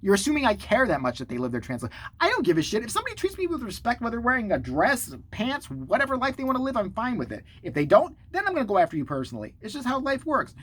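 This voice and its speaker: A man hosting his own channel, telling a story to the camera in a sarcastic, profane, animated way. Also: extremely high pitch, fast, hardly any pauses, slight background noise. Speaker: channel host.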